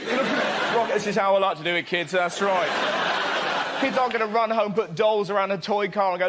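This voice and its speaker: A man doing an excitable stand-up routine on a panel show, acting out voices in shrieks. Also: sits high, a little fast. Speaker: comedian panelist. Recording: live studio audience with heavy noise.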